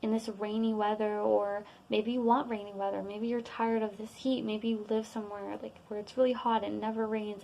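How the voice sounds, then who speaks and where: A woman's voice: fairly high pitch, creaky, poor audio. A young woman giving a casual, rambling tarot reading to her viewers, full of fillers. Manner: rambling, relaxed, many fillers. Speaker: tarot reader.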